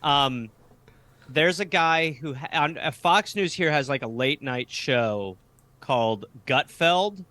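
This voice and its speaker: Man, American accent, bright tense tone, animated profane riffing, video call. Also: fairly high pitch, takes it slowly, dry recording. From United States. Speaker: comedian guest. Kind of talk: casual chat.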